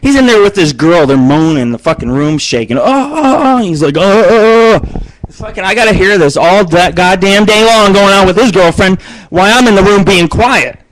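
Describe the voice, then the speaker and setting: A man's voice: high voice, expressive, fairly quick, a bit bright, low-quality recording. Crude, rambling man hosting live radio. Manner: crude, rambling storytelling with frequent swearing and laughs. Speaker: radio show host. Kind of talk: live internet radio monologue. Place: home studio broadcasting on live video.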